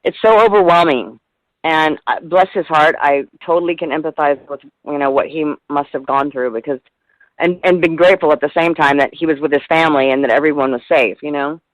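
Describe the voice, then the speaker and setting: A woman's voice: low voice, a little fast, no room sound, low-quality recording. A middle-aged woman guest in a casual radio interview, talking in a rambling, heartfelt way with plenty of swearing.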